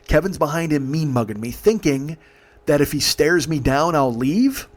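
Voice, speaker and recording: A man's voice: medium pitch, fairly quick. A man in his forties telling a true story in a comedic podcast monologue, profane, intense and confessional. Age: 40s.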